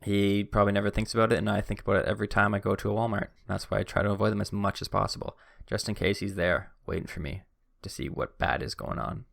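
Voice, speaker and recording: With a creaky, slightly bright voice on the low side, a young man hosting a podcast speaks quickly and fairly evenly, pausing little. He tells a casual story full of self-deprecating humor, performs both halves of a dialogue, and stumbles before restarting.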